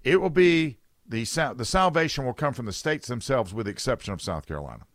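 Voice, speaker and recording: A man's voice: mid-range voice, lively intonation, a little fast, no room sound. A man hosting a talk radio show, rambling and sarcastic in an opinionated chat from a studio.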